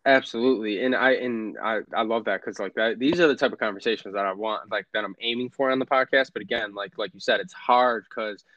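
A man's voice: lowish voice, fairly quick, hardly any pauses, a bit bright, no room sound, highs cut off. A young man hosting a podcast, chatting casually in loose, slangy, profane speech. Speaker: podcast host. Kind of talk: casual chat.

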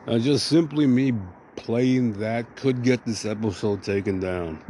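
A man's voice: medium pitch, a little slow, dark tone, a little hiss or hum. A man hosting a podcast, talking casually in a rambling, profane and emphatic way. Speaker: podcast host.

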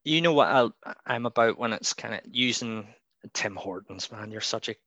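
A man's voice: lowish voice, moderate pace, fairly bright tone, no echo, dull audio. A man co-hosting a podcast, chatting casually with a rambling, opinionated manner and frequent laughs. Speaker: podcast co-host. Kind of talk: casual chat.

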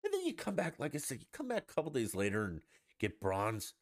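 A man's voice: medium pitch, huge pitch swings, brisk, no room sound, studio quality. A man hosting a podcast, ranting in a blunt, profane and mocking way in a casual monologue. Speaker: podcast host.

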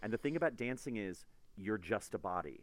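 A man, an author guest on a podcast, chatting casually and telling animated stories. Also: on the low side, a little fast, dry recording. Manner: animated storyteller, acts out quotes loudly.

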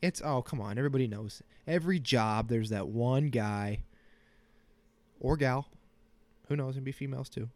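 A man's voice: mid-range voice, moderate pace, darkish tone, no echo. A man in his thirties hosting a casual solo podcast from a small cold home office, joking, self-deprecating and rambling, with a slight sniffle. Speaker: podcast host.

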